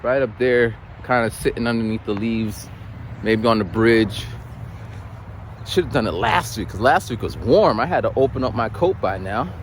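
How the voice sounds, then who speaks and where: A man chatting casually in a vlog while outdoors in the cold, rambling through animated stories with stammered restarts about his school lunchroom duty. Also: lowish voice, moderate pace, slight background noise. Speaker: vlogger who works lunchroom duty at a school. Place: outdoors in cold weather, near a bridge.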